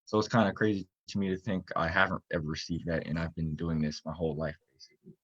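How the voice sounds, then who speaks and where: A man's voice: low voice, fast talker, a bit bright, no room sound, lo-fi sound. A young man from Florida, a student-athlete guest, telling his story earnestly in a casual interview, rambling with many fillers. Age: young adult.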